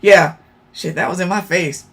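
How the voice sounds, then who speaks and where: Blunt, bright-voiced woman livestream host. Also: lowish voice, fairly even intonation, moderate pace, slightly rough. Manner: blunt, profane, talks to chat as y'all. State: sore throat. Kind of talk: casual live-stream chat.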